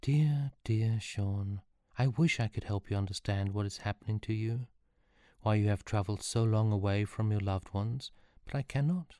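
Man doing wistful young spirit woman, soft and earnest, raised voice, warm dry tone. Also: on the low side, normal speed, no echo, natural voice. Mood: tender. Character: gentle ageless young woman time-traveler spirit.

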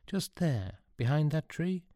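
A man's voice: a little high, big pitch swings, slow, warm tone, no echo, clean studio sound, voice pushed up. A man voicing a lonely young man lost in time, asking questions in a plain, wondering way.

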